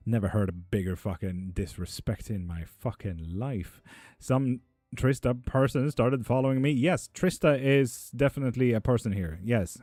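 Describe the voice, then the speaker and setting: A young man chats loosely on a home live stream, reading viewer messages aloud and swearing freely as he jokes along. His voice sits at an ordinary male pitch, and the sound is dry and close. Soft music plays faintly behind him. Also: moderate pace, dry recording. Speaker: streamer giving tarot readings. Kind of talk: casual live-stream chat.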